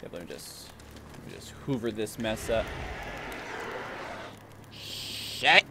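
A man streaming a video game, chatting casually and jokingly, even talking back to the characters. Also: fairly low pitch, fairly quick, noisy background. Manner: playful, jokey, talks to characters. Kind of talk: casual gameplay commentary. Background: game music.

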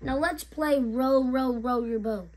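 A young woman giving a home video music lesson, explaining note names slowly with halting pauses and singing them. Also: high-pitched. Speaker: music teacher.

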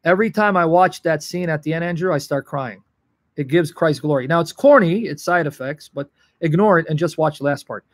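A man's voice: fairly high pitch, brisk. A man leads a livestream Bible session and speaks to viewers in the chat by name. He is earnest and openly emotional. His voice sits a little above the usual male range. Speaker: Bible teacher. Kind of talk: livestream teaching answering chat.

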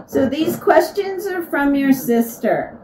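A woman's voice: high voice, animated, slow. Woman, paranormal investigator, earnest questions, spirit box session, echoey distant recording, noisy. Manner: earnest, asks questions aloud and repeats heard phrases.

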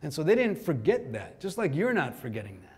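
A man in his forties from Kerala, India, giving a keynote speech to a conference audience, telling personal stories in a relaxed, conversational way with lots of asides. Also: a little high, a little fast, breathy edge. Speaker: keynote speaker. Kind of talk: storytelling speech. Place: conference hall before an audience.

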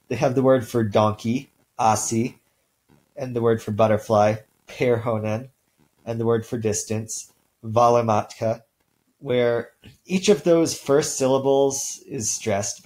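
At a normal speed and medium pitch, a male instructor lectures on linguistics in a relaxed manner. Many ums and uhs creep in, along with an occasional throat clear, on a rough recording.

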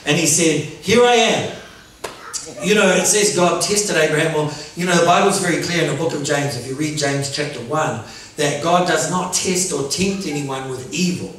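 Animated preacher in an echoey hall. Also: male voice, fairly high pitch, normal speed, recorded from a distance. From New Zealand. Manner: animated, laughing at his own jokes, calling for amens. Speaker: pastor. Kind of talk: sermon. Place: church hall. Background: congregation answering.

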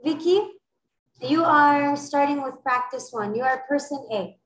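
A woman with a high voice leads an online class for children. She speaks slowly and clearly and encourages the pupils often. Her voice carries the echo of the room she records in over a video call. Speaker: French teacher for children.

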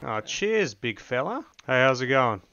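A young man hosting crude, sarcastic gameplay commentary, mocking other players with deadpan jokes. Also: mid-range voice, a little slow, lo-fi sound, heavy background noise. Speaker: gaming video host.

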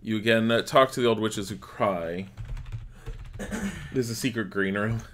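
A man's voice: on the low side, a little slow, a bit bright, slight background noise. A man streaming a live game playthrough, reading the game's text aloud between the commands he types.

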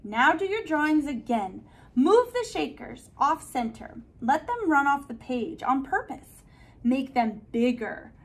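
A tall, graceful art teacher full of passion for her subject, voiced by a woman reading a storybook aloud. She gives slow, emphatic instructions in a high voice, stressing each word she wants her pupils to take in. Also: sing-song, exaggerated voice. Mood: instructive.

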